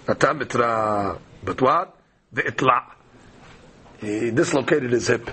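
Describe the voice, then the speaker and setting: A man's voice: mid-range voice, slow, pauses often, fairly bright tone, slightly rough. A man teaching a daily Talmud class, reading the Aramaic text aloud and explaining it in casual, conversational English.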